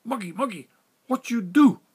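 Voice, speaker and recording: A man voicing a stern ship's captain who speaks in clipped, broken English, loud and emphatic. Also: extremely high pitch, expressive, normal speed, slightly rough, voice pushed up, full character voice. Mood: alarmed.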